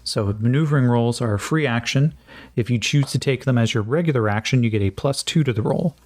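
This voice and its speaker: A man's voice: medium pitch, a little fast, a little mellow, dry recording. A man narrating a solo tabletop game, thinking aloud with frequent fillers and joking at his own attempts at accents.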